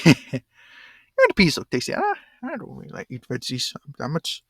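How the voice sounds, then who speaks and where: A man's voice: a little high, huge pitch swings, brisk, vocal fry, slightly rough, dry recording, clean studio sound. A man casually reading a comic aloud and reacting, swearing often and repeating himself. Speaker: comic reviewer.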